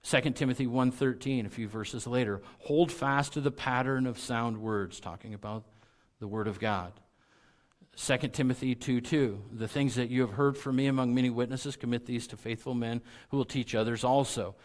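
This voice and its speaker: A man preaching a sermon in an average-pitched voice, earnest and conversational, often restarting and repeating words. He swells to loud, emphatic peaks on key points, then sinks low and quiet as he cites chapter and verse. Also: fairly even intonation, a little fast. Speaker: pastor.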